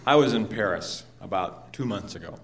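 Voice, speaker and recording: A man doing a stand-up comedy routine, telling a travel story with lively delivery and mock foreign accents, while an audience laughs. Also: lowish voice, moderate pace. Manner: animated storytelling, mock French and Spanish accents. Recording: roomy, distant live recording with noise.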